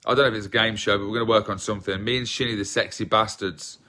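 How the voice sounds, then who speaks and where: A man's voice: lowish voice, fairly even intonation, rapid-fire, bright, forceful tone. An English man with an English accent chatting casually with viewers on a livestream, self-deprecating and rambling. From England. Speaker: livestream host.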